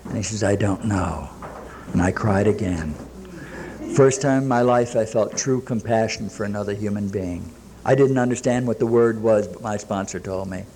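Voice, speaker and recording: A man's voice: on the low side, moderate pace, mellow, slight background noise. Man telling his recovery story. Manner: plain storytelling full of quoted back-and-forth dialogue, dry jokes. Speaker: speaker sharing at a recovery meeting. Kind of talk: personal recovery story told to a live audience. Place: meeting room with a live audience.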